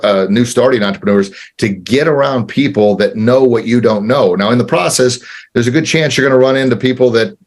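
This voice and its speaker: A man in his forties, an entrepreneur guest, telling a candid personal story in an earnest, halting way with repeated words, getting choked up. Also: medium pitch.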